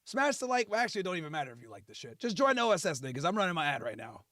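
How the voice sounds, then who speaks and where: A man's voice: a little high, big pitch swings, very fast, pushed and bright, no room sound, clean studio sound. A man hosting a livestream, ranting in a profane, heated and mocking way. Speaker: livestream host. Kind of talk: livestream rant.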